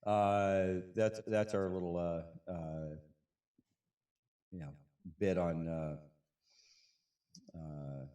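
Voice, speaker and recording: A man co-hosting a casual podcast, reading a list and chat comments in a relaxed, halting way. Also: low voice, distant mic. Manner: relaxed, halting, frequent restarts and laughs. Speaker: podcast co-host.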